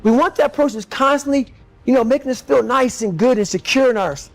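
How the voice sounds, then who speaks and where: A man's voice: extremely high pitch, brisk, faint music behind. A man giving an intense, blunt motivational speech in an emphatic manner. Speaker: motivational speaker.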